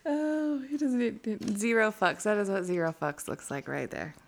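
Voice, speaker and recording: A woman's voice: mid-range voice, moderate pace, vocal fry. Woman chatting frankly and profanely. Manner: frank, swears freely, storytelling. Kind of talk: casual chat.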